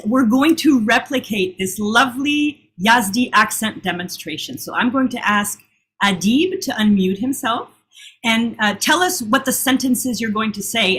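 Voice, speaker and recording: A woman presenting a story on a video call, speaking as an enthusiastic, warm storyteller. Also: a little high. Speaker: guest presenter and author.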